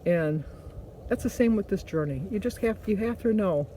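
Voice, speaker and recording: A woman's voice: mid-range voice, lively intonation, normal speed, mellow, a little hiss or hum. A woman hosting a vlog, chatting casually and motivationally, rambling through stories and correcting herself. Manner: rambling storytelling with self-corrections. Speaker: vlog host.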